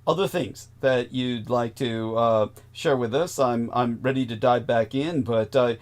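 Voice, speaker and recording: Slow, stammering man hosting a podcast. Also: mid-range voice. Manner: hesitant, stammering, many uhs. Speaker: podcast host. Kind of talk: casual podcast chat.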